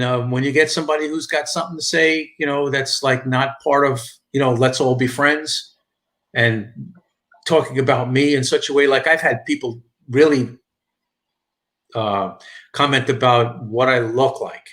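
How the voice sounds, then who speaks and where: A man's voice: medium pitch, steady tone, moderate pace, a bit bright. A middle-aged man from New York with a thick New York accent, hosting a casual live stream chat, rambling with restarts and reading viewer comments. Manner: rambling, repeats and restarts, reads chat aloud.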